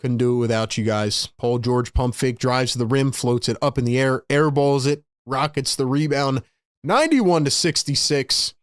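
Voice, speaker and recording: A man's voice: medium pitch, normal speed, no echo, studio quality. A man hosting a live stream, calling basketball play-by-play and reacting to his team with frustration while talking to his chat. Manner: frustrated, exasperated, chats to viewers. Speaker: live-stream sports commentator.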